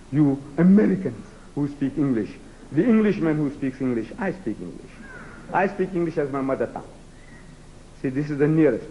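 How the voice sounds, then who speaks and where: A man from South Africa, whose first language is Gujarati, delivers a rhetorical, challenging public lecture to a live audience, acting out debates with mock voices. His voice is a little high with a dark tone. The recording is muffled, with a little hiss or hum.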